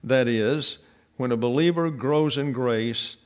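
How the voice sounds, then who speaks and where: A man's voice: mid-range voice, slow pace, clear, resonant tone. Man teaching a wry, scholarly Bible lesson. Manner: scholarly, wry asides, frequent uh fillers.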